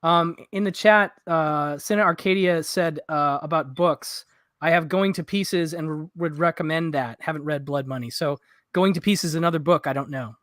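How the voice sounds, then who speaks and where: Easygoing male host, slightly higher voice. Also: normal speed, a bit bright, dry recording, studio quality. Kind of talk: casual chat.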